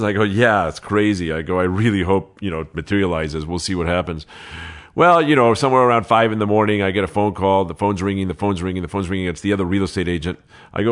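A man who is a real estate agent, telling anecdotes in an interview, lively and laughing, quoting people as he goes. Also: sits low, quick pace. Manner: animated anecdotes with laughs and quoted dialogue. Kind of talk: interview storytelling.

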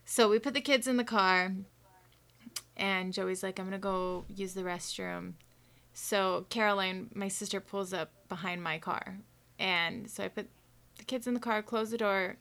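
Relaxed mom chatting casually. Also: female voice, mid-range voice, gravelly. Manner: relaxed, laughs easily, quick bursts. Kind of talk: casual chat.

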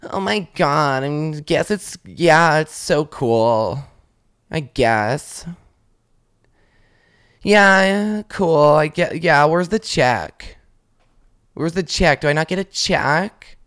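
A whiny young woman with a nasal, dragged-out drawl, as a man puts her on. Her voice sits high above his own and stretches every word slowly. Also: expressive, a bit bright, clear, resonant tone, full character voice. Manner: slow nasal whining drawl. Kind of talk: comedic impression in casual chat.

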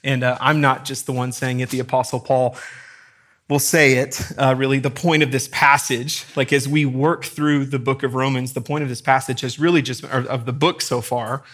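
A man's voice: medium pitch, little pitch movement, moderate pace, a bit bright. A man preaching a sermon to his congregation in a conversational, emphatic way, acting out quotes and questions. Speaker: pastor. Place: church room with congregation.

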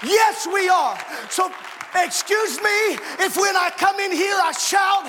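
A man preaching with fervor in a church sanctuary, his voice pitched very high and ringing bright. He shouts many lines to the congregation, and crowd murmur sits behind him. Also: slow, long reverb tail, a little hiss or hum. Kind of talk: sermon.

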